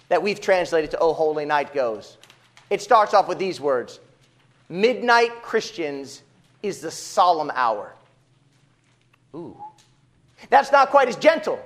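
Male preacher, high and animated, building a sermon through emphatic repeated phrases. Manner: emphatic preaching with rhetorical repetition. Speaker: pastor.

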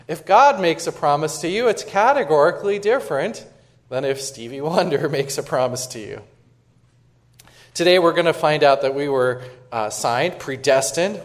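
A man preaching a sermon in a casual, conversational way, often repeating words as he restarts. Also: on the high side. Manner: conversational, self-interrupting with repeated words and fillers; dramatic recitation of quoted verse. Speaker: pastor.

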